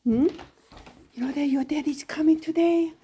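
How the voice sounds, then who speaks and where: A woman's voice: high voice, normal speed, heavy background noise. A woman gushing in sing-song baby talk to her pet dogs. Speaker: pet owner vlogger.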